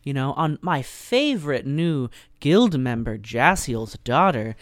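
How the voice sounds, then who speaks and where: A man's voice: mid-range voice, expressive, slow pace, dry recording, clean studio sound. A man voicing a smarmy, menacing male guildmaster with an emphatic, pompous manner, read out from a story. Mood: menacing showy.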